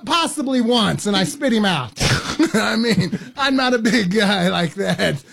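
A man's voice: sits high, expressive, measured pace, creaky, fairly bright tone. A man co-hosting a casual talk show, joking bluntly and keeping it down-to-earth. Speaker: co-host. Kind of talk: casual banter.

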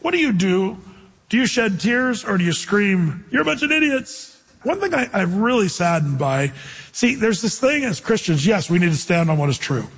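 A male pastor giving an animated sermon, asking his listeners questions and acting out quoted voices. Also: sits high, moderate pace, slightly rough, big-room sound.

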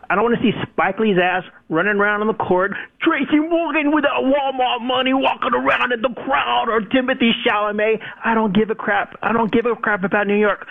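A man calling in to a sports radio show, brash and trash-talking, heard through a phone line. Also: high voice. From San Antonio area. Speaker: caller.

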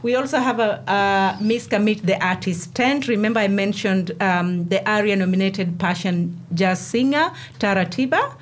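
A woman's voice: mid-range voice, normal speed, slight background noise. A woman, a guest helping organise a community event, listing its activities in an informative way. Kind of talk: radio interview.

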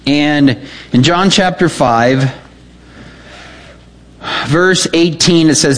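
A man's voice: mid-range voice, expressive, slow pace, long pauses. A man preaching a sermon, reading scripture aloud and checking in with his listeners as he explains it. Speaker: pastor.

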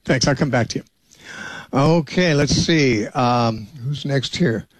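A man's voice: medium pitch, slow pace, no room sound. Plain-spoken male radio host. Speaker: radio call-in show host. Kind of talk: call-in radio Q&A.

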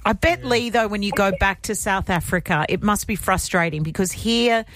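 A woman's voice: medium pitch, normal speed, a bit bright, no room sound. A woman co-hosting a radio show, giggly and self-mocking in casual banter. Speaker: radio host.

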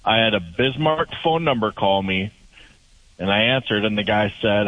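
A man's voice: lowish voice, expressive, normal speed, dry recording. Chatty man on a muffled phone line. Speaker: caller. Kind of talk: casual phone call.

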